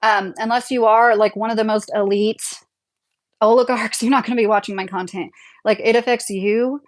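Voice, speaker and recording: A woman's voice: fairly high pitch, fairly even intonation, normal speed. Chatty woman hosting a live chat. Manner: chatty, opinionated, laughs often, reads comments aloud. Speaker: livestream host. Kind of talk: casual live chat reading comments. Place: home, a double-wide trailer.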